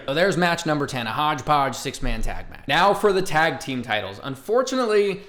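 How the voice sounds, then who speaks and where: A young man riffing through a casual solo commentary, joking and sometimes breaking into excited hype. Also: fairly high pitch, normal speed, few pauses, roomy sound. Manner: jokey, bursts into excited hype. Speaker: wrestling commentary YouTuber.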